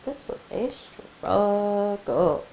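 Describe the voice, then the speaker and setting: A woman's voice: medium pitch, expressive, extremely slow, rough recording. Woman, young adult, craft vlogger, casual chat, laughs a lot, faint background noise. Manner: chatty, laughs often, talks gently to her toddler.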